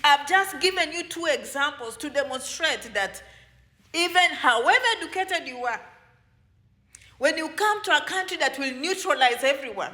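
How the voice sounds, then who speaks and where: A woman's voice: high voice, animated, normal speed, pushed and bright. A woman giving a motivational advice talk to her viewers, lecturing them directly and peppering it with rhetorical questions. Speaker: advice vlogger for immigrants.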